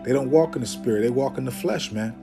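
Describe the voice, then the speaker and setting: A man teaching scripture informally, emphatic and preachy, often tagging his sentences with "man" and "okay?", and slowing down to declaim Bible verses. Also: mid-range voice, music in the background. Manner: reads Bible verses aloud in a slower, declaiming voice.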